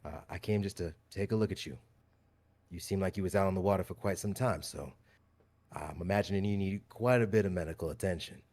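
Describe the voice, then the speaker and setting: A man's voice: deep voice, a little fast, darkish tone. A man voicing an earnest ship's doctor, polite and a little hesitant.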